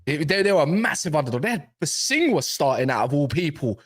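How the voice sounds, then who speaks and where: A man with a slight cough co-hosting a football podcast, chatting in animated, slangy banter and laughing often. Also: a little high, quick pace. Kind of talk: casual banter.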